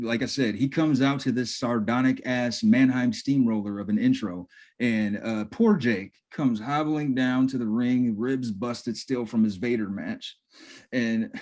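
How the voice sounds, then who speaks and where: A man's voice: mid-range voice, animated, measured pace, a little mellow. Casual, swearing podcast co-host man. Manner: loose, profane storytelling, acts out quotes. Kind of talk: casual chat.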